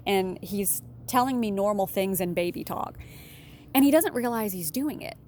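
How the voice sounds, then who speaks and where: Blunt, candid woman giving relationship advice. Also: slight background noise. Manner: blunt, candid, swears casually; animated, with sudden emphatic jumps in pitch. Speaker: romance and relationship consultant. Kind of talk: solo advice monologue.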